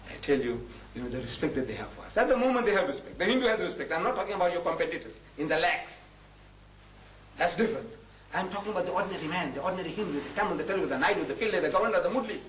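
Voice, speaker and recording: Animated man, echoey hall. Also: on the high side, fast talker, a little hiss or hum. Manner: animated storyteller who acts out both sides of conversations; chuckles often while speaking. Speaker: speaker giving a talk. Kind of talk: storytelling lecture to a live audience. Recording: echoey hall picked up from a distance.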